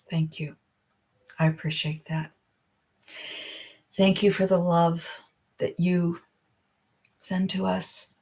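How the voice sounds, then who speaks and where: A middle-aged woman hosting a psychic advice live stream, talking earnestly and gently and slowing down at heartfelt points. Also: on the low side, steady tone. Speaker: psychic video host. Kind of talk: reflective live-stream talk.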